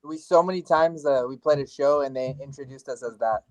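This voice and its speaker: A man from Los Angeles, a band member being interviewed, chatting casually and adding quick asides. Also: medium pitch, crowd noise, rough recording.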